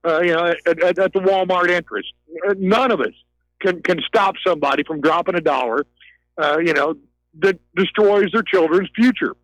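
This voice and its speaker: Agitated ranting man, high voice. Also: fairly bright tone, no room sound, poor audio. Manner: agitated, ranting, repeats words. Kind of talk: heated talk radio call.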